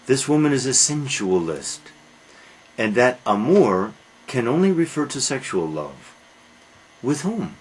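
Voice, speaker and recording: A man giving a classroom literature lecture, halting with "uh" fillers and posing rhetorical questions he answers himself in a dry way. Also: medium pitch, sing-song, slightly rough, low-quality recording. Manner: halting, with frequent "uh" fillers and restarts.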